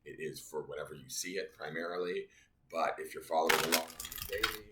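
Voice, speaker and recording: Angry deep-voiced man reading tarot. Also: quick pace, pushed and bright. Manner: angry, venting between explanations. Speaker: tarot reader. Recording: echoey room, faint noise.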